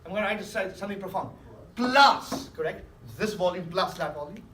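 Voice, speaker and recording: A man's voice: high-pitched, expressive, a little fast, bright, forceful tone. A man teaching a math class, coaxing students along and checking often that they follow. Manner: coaxing, keeps checking understanding. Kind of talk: classroom lecture with questions to students. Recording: echoey classroom from far off, faint hiss.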